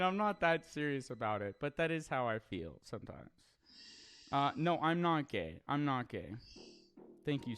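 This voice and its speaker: A young man streams live, reading chat aloud and responding brashly and profanely, with many stammered restarts. His voice is medium-pitched and a bit bright.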